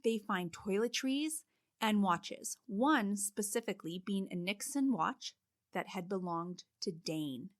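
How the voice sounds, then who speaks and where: A woman with a medium-pitched voice speaks slowly in clean, studio-quality audio with no echo. As co-host of a casual true-crime podcast, she steadily walks her listener through a case, dropping "like" often as she tells it.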